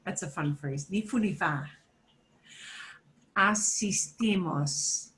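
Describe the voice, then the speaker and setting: Bright-voiced woman teaching slowly. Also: lowish voice. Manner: slow, drawn-out modeling of words for students to repeat. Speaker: Spanish teacher. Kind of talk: beginner language lesson.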